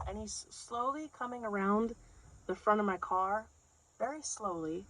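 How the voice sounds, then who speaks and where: A woman doing stand-up comedy, telling a story in an animated way and acting out the scenes. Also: mid-range voice, measured pace, a little hiss or hum, rough recording. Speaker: stand-up comic.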